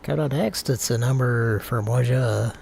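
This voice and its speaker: A man's voice: medium pitch, moderate pace, creaky, a little mellow, a little hiss or hum. A man hosting a prank call show, offhand and goofy between calls. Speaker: host.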